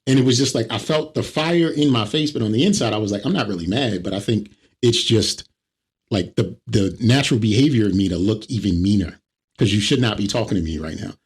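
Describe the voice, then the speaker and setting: A man co-hosting a comedy podcast, telling stories in an animated way and mimicking the people in them. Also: lowish voice, fairly quick, breathy edge. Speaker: podcast co-host. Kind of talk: casual comedic chat.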